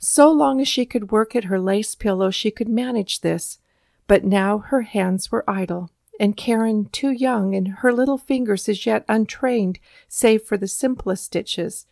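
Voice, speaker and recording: A woman narrating a storybook in a calm, measured and gentle way. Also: medium pitch, gravelly, dry recording, clean studio sound. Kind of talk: storybook reading.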